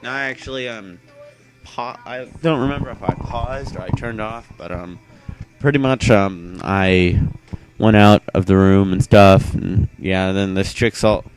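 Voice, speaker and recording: A man's voice: on the low side, steady tone, measured pace. A young man casually commentating his video game playthrough, rambling offhandedly with lots of "um" and "yeah". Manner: rambling, filler-heavy, offhand. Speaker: gaming channel host.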